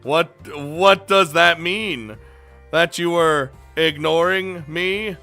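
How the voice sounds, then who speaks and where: A man's voice: a little high, slow, gravelly, sharp tone, soft background music, voice pushed up, full character voice. A man reading a young girlfriend's lines in a raised, mocking put-on voice. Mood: stern. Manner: reading text in a raised mock voice. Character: young woman girlfriend, annoyed and stern.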